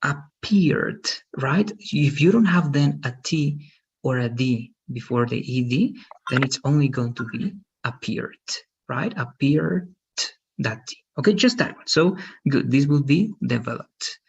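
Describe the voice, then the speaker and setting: A man's voice: mid-range voice, unhurried, gravelly, husky, muffled recording. A man teaching English pronunciation on a video call, patient and explaining, checking understanding with frequent questions. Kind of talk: online pronunciation lesson.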